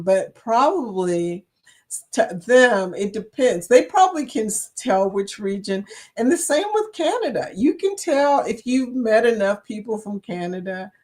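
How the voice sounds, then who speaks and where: Casting note: woman, livestream host, conversational and anecdotal, mid-range pitch. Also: a little mellow. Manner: chatty, laughs easily, storytelling asides. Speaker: host of a community chat stream. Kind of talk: casual chat.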